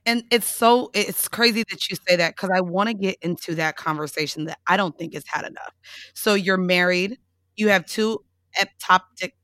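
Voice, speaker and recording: A woman's voice: lowish voice, normal speed, fairly bright tone, no room sound, clean studio sound. A woman hosting an interview, asking probing, thoughtful questions. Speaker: host.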